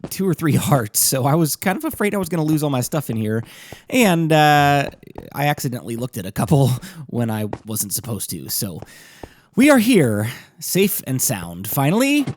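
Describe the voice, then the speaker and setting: Chatty man with a lively, rising voice. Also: medium pitch, no room sound. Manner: chatty, animated narration of his own gameplay. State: morning voice. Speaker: Let's Play host. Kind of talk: casual gameplay commentary.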